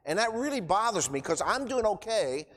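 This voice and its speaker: A man's voice: high voice, sing-song, normal speed, fairly bright tone. A middle-aged man giving an informal, emotional sermon in church, choked up and rambling with restarts. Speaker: preacher. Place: church hall. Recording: long church reverb.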